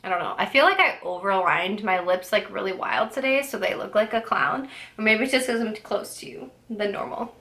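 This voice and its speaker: A woman's voice: medium pitch, expressive, a little fast, sharp tone. A young woman chatting casually on her book vlog, rambling with lots of "like" and "I don't know" and throwing in playful, sassy asides. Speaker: book vlogger. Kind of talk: casual chat.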